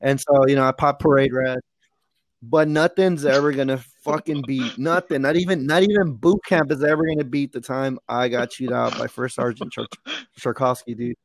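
A man's voice: mid-range voice, fairly even intonation, moderate pace, no echo, clean studio sound. A man, a former Marine, rambling through a profane war story in casual chat, full of fillers and restarts. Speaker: Marine veteran telling stories.

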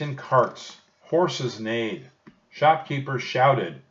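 A man narrating a children's storybook audiobook in a slow, expressive storytelling manner. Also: fairly low pitch. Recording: dull distant recording.

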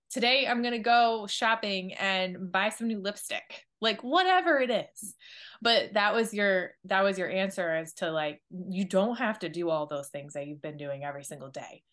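A woman's voice: mid-range voice, fairly bright tone. A woman co-hosting a wellness podcast who reassures and coaches her partner in an upbeat, encouraging way. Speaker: podcast co-host.

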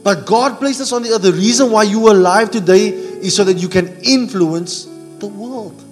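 Pastor preaching in a church hall. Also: male voice, high-pitched, moderate pace. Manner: call-and-response preaching, asks the congregation to finish verses. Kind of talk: sermon. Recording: church hall reverb with music.

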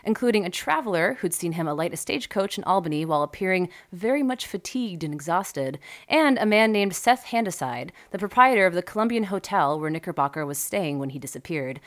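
Lively woman telling a history story. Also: fairly low pitch, fairly quick, few pauses. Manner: lively, wry storytelling with asides. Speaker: podcast host.

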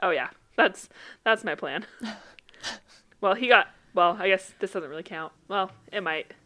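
On a casual podcast, a young female co-host shares funny family stories, laughing often in a chatty way. Her mid-range voice is pushed and bright, with a measured pace.

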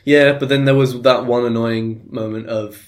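Man, podcast host, casual film review, relaxed, sweary, mid-pitched voice. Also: moderate pace.

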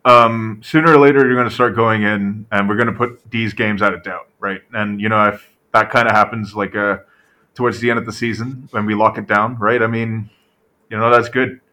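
A man co-hosting a casual sports podcast, animated and full of fillers and "right?" tag questions. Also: fairly low pitch, a little fast. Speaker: podcast co-host.

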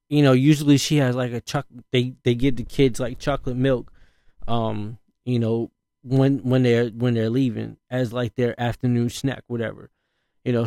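A man's voice: mid-range voice, a little mellow, clean tone, dry recording, studio quality. A man telling a casual story as a parent. His talk is loose and slangy, full of "you know" asides and laughs.

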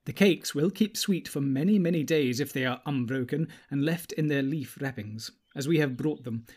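A man voicing a group of merry, gracious elves who speak in a bright, lilting way. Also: mid-range voice, normal speed, husky, lightly acted. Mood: earnest.

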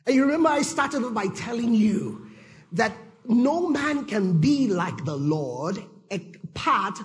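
Man preaching, high voice, very animated pitch, emphatic, calls out praise. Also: slow. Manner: emphatic preaching, frequent "praise the Lord", checks on listeners. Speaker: pastor. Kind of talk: sermon.

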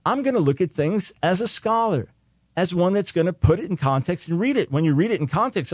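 A man hosting a talk radio show, speaking in a fairly high register with an insistent, emphatic delivery. He hammers his points home through repetition. The recording is dry and close, with no room echo. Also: animated, a little fast, a little mellow, husky.

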